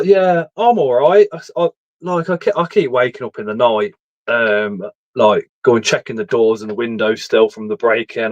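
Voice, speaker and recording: A man's voice: medium pitch, dry recording, highs cut off. Blunt, swearing man, dry close sound. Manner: blunt, swears freely, rambling. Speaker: livestream speaker reading chat. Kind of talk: candid casual chat.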